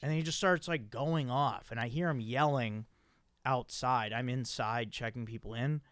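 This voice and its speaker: A man hosting a podcast, telling a story in a profane, animated way with many restarts. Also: medium pitch, normal speed, dry recording, studio quality. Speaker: podcast host. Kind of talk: casual chat.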